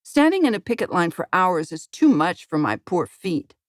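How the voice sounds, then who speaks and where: A woman voicing a tired middle-aged activist mother in an audiobook, complaining and quick. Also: lowish voice, big pitch swings, no echo, studio quality. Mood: worn out. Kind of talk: audiobook character voice.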